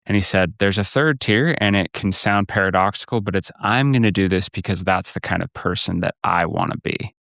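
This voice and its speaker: A man with a low-pitched voice hosts a podcast conversation. He talks earnestly and keeps checking in with "right?" as he makes a point. The recording is close and dry, with no room sound. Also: a little fast, vocal fry, few pauses, fairly bright tone, dry recording. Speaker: podcast host. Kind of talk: casual conversational interview.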